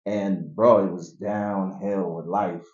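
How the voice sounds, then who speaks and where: A man telling his life story in a casual interview, animated and acting out the people in it. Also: deep voice, slow. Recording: echoey, dull room recording.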